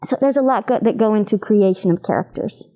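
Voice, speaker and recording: Mellow-voiced woman voice actor. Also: medium pitch, a little fast. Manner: animated, demonstrates voices while explaining. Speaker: voice actor being interviewed. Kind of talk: convention interview chat.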